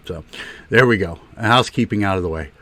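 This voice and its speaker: Low-voiced joking male stream host. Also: a little fast, fairly bright tone. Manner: joking, teasing, many fillers and restarts. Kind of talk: casual live-stream chat.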